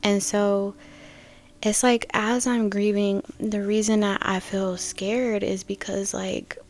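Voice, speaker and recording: A woman's voice: mid-range voice, level tone, slow pace. A young adult woman hosting a reflective spiritual podcast, musing casually and thinking aloud with many fillers. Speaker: podcast host.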